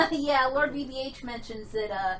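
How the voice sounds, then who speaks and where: A woman's voice: high voice, moderate pace, a crowd in the background, low-quality recording. A woman co-hosting a casual live game stream, giggling often and reading out viewer comments. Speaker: stream co-host reading chat.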